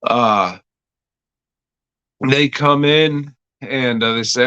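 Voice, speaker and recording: A man's voice: medium pitch, extremely slow, pauses often, bright, forceful tone, smooth, no echo. A man hosting a podcast, recapping a TV episode in a rambling, profane, jokey way. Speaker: podcast host reviewing a TV episode.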